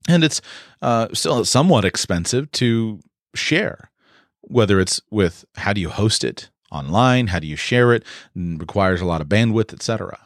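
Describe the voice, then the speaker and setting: A man with a fairly low voice delivers an instructional talk, explaining points step by step in a measured, deliberate way. The sound is dry and close, with little room reflection. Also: animated, no echo. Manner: measured, explanatory, with occasional fillers.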